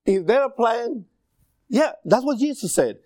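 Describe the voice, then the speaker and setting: A man's voice: very high-pitched, sing-song, a little slow, warm tone, dry recording, studio quality. A middle-aged man with a Spanish accent, a native Spanish speaker, preaching a sermon in a conversational way and often checking in with his listeners.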